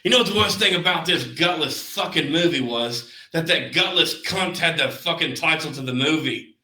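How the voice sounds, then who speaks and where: A man's voice: on the high side, moderate pace, pushed and bright, reverberant, voice pushed up. A man putting on a British accent to voice a jealous, foul-mouthed male special forces leader. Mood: resentful. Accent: put-on British. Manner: profane, resentful griping.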